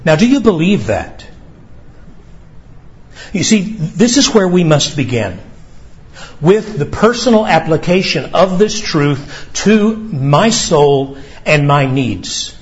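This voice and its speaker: A man preaching a sermon in an earnest, deliberate way, rising in emphasis when he asks questions. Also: a little high, very animated, lo-fi sound. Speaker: pastor.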